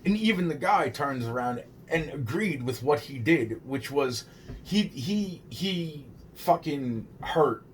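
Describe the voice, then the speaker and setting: In a slightly high, animated voice, a man casually tells a true first-person story, stumbling through restarts and repeated words while swearing constantly. He comes across as shaken and in disbelief at what he's describing. Slight background noise is present.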